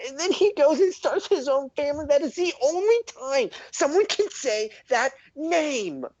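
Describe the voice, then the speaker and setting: A man's voice: extremely high pitch, animated, moderate pace, a little mellow, voice pushed up. A man voicing a strict male surface gnome who scolds and repeats himself, on a dull, muffled recording. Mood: scolding. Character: shrill, strict male surface gnome, zealous about rules.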